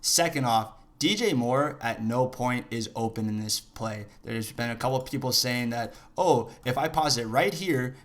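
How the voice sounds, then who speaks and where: A man talks through football replays in a loose, unscripted commentary style. He swears often and slides into heated, shouted rants about missed plays before settling back into calmer analysis. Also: mid-range voice. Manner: profane, shifts into shouting rants. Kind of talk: casual film breakdown commentary.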